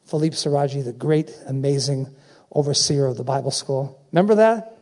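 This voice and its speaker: A man's voice: medium pitch, moderate pace, darkish tone. A man in his seventies preaching a sermon, emphatic, repeating phrases and calling out to his congregation. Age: 70s.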